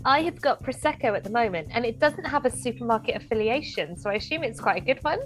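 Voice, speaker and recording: A woman's voice: on the high side, animated, fast, soft background music. A woman comedian chatting as a guest on a video call, bubbly and self-mocking. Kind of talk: casual chat.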